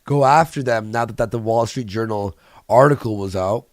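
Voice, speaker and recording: A man's voice: lowish voice, normal speed, no room sound. A man hosting a livestream in casual, crude, joking banter, laughing often. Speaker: livestream host.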